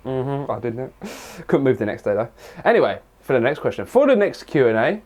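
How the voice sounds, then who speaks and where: A man's voice: mid-range voice, sing-song, brisk, a little mellow. A young English man answering viewer questions in a casual vlog, rambling and crude with lots of jokes. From England. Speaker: fitness vlogger.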